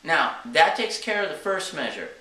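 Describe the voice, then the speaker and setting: A man's voice: a little high, very animated, moderate pace, bright, forceful tone, far from the mic. A man teaching drums, explaining each step plainly and checking in with a frequent "okay?". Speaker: drum teacher. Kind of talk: casual instructional talk. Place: drum studio. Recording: echoey room from off-mic.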